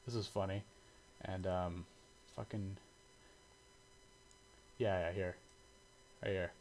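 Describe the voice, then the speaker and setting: A man's voice: sits low, fairly even intonation, takes it slowly, a little hiss or hum, rough recording. A man giving casual, rambling commentary full of swearing and fillers, reacting aloud as he browses online. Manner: rambling and profane, many fillers. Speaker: airsoft video creator.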